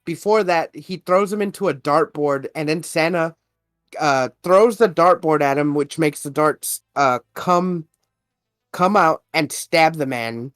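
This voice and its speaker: Man, slightly high voice, giggling, acting out movie scenes, dry close mic. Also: a little slow, fairly bright tone, dry recording, soft background music. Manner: laughs often, acts out characters' lines. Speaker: podcast co-host. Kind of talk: casual chat, retelling a movie.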